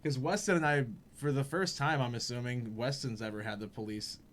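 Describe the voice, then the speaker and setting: A young man on a podcast telling a funny story in casual chat, animated and laughing, acting out the people he quotes. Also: mid-range voice, a little fast, a little hiss or hum. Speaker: podcast host.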